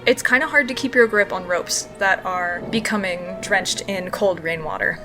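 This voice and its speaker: A woman narrating a tabletop role-playing game as game master, describing the scene in a steady, descriptive way. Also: mid-range voice, moderate pace, music in the background.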